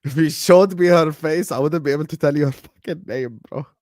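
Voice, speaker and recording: A young man hosting a football watchalong stream, chatting casually in a rambling, joking way with slang and swearing, sometimes mumbling low in mock sadness and sometimes shouting at the match. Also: brisk, dry recording, studio quality. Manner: drops to low mock-sad mumbles, then loud bursts at match action. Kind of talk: casual live-stream chat.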